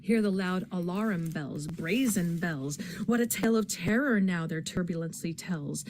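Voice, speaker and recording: A woman reading poetry aloud in a dramatic, expressive recitation. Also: lowish voice, moderate pace, a little hiss or hum. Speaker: poetry reader in a readathon.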